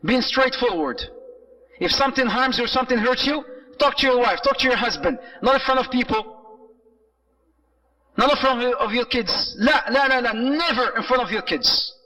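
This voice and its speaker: Male preacher, high bright voice, animated storyteller, recorded from a distance. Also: normal speed. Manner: animated storytelling, mixing Arabic phrases into English. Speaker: Islamic lecturer. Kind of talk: sermon-style lecture.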